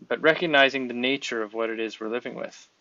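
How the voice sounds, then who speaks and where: Male podcast host, earnest and encouraging, bright tone, dull dry recording. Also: mid-range voice, quick pace, no room sound. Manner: earnest, encouraging, talks in long flowing sentences. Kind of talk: conversational interview. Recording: dull, slightly lo-fi sound.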